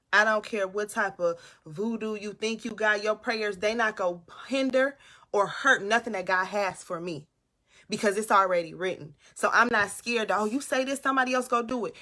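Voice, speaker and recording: A woman on a casual live stream, talking loud and animated straight to her viewers, giving them a pep talk. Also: mid-range voice, measured pace. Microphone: phone or webcam.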